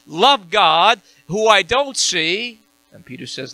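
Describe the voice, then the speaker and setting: Preaching in a church sanctuary, a man with a slightly high, creaky, bright voice speaks at a measured pace with lively intonation and a forceful tone. His sermon climbs to emphatic peaks as he throws call-and-response questions to his congregation, captured on a rough recording.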